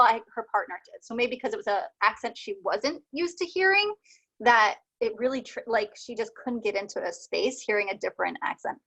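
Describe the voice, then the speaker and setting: A woman's voice: mid-range voice, a bit bright, rough recording. A woman doula chatting casually over a video call, talking with lots of fillers. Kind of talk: casual group chat.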